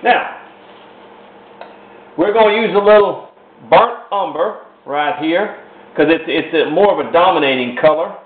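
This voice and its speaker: A man's voice: on the high side, measured pace, long pauses. A man teaching a painting technique step by step in a folksy, rambling way, often repeating himself. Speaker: painting instructor. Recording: roomy, tinny lo-fi with faint hiss.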